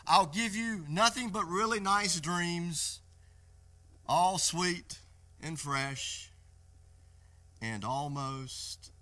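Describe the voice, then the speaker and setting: A preacher reading as a coaxing little lizard. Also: male voice, high-pitched, drawn-out words, long pauses, bright, forceful tone, heavily acted. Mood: wheedling. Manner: coaxing, pleading. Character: small wheedling male lizard pleading to survive.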